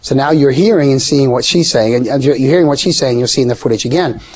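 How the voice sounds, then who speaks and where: A man telling a story in casual conversation, animated and acting out the people he quotes. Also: quick pace. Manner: animated, acts out quoted voices with pitch jumps. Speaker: guest storyteller.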